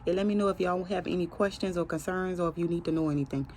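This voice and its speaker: A woman's voice: on the low side, quick pace. A young adult woman, a pharmacy technician, telling a personal story to her viewers in an earnest, emotional way, calling them y'all. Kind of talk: casual storytelling to camera.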